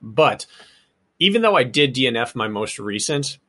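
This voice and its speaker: A man's voice: mid-range voice, sing-song, normal speed, bright, forceful tone. Reflective man hosting a running chat. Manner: reflective, shares his own experience before asking. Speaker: podcast host, ultrarunner. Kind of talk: conversational interview.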